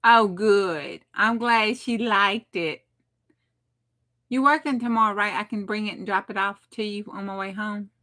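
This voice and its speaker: A middle-aged woman hosts a craft livestream, chatting casually with viewers in an unhurried, mid-range voice with a sharp tone. She's chatty, laughs often, and talks back to chat.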